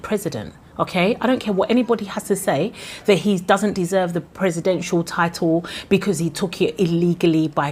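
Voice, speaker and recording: A woman's voice: medium pitch, a little mellow, a little hiss or hum. A woman from Ghana with a Ghanaian accent, delivering an impassioned, indignant opinion vlog full of rhetorical questions. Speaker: vlogger.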